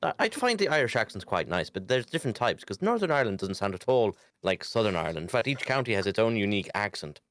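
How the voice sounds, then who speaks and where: Fast, lively British man with a low voice. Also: no room sound. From Britain. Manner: quick, lively, sweary. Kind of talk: casual podcast chat.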